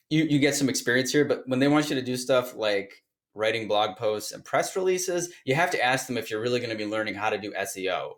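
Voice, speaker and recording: A man teaching an online course, talking casually and thinking aloud as he reads through listings on his screen. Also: lowish voice. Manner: chatty, thinks aloud while reading listings. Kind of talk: casual screen-share walkthrough.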